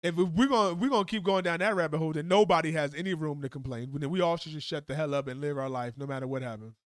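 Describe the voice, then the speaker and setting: A man with a high voice rants on his live stream, swearing bluntly and heatedly. the sound is dry and close, with no room echo at all. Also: fast talker. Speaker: livestream host. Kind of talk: profane live commentary rant.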